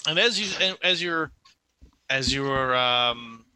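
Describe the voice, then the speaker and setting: A man's voice: medium pitch, animated, slow pace, bright, forceful tone, smooth, dry recording. A man narrating as game master of a tabletop game, setting scenes in a loose, descriptive way.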